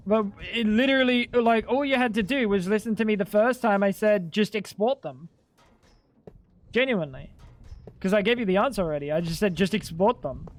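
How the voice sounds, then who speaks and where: A man's voice: sits high, fast talker. Blunt, swearing man streaming a game. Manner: blunt, exasperated explaining, swears freely. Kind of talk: casual livestream chat while gaming.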